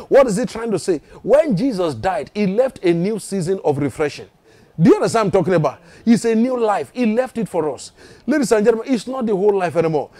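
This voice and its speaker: Male pastor from Nigeria, high voice, emphatic repetitive sermon delivery with rhetorical questions. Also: darkish tone.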